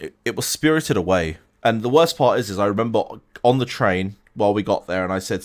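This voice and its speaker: A man's voice: fairly low pitch, expressive, fast talker, few pauses. A young man chatting casually on a live stream from his room at home, answering viewers' questions with frequent restarts. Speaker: game streamer.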